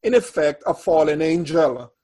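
A man preaching a sermon, reading scripture aloud and then expounding on it in a measured, deliberate way. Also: fairly high pitch, expressive, mellow. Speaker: pastor.

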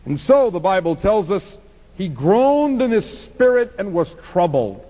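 A man preaching an expository sermon, swinging from emphatic passages to hushed ones. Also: high-pitched, in a large hall, poor audio.

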